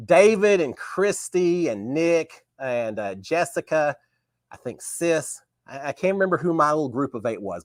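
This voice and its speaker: Male host, middle-pitched, lively storyteller who acts out quotes. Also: dry recording. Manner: animated, acts out remembered dialogue. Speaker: host of a live talk show. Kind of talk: casual storytelling.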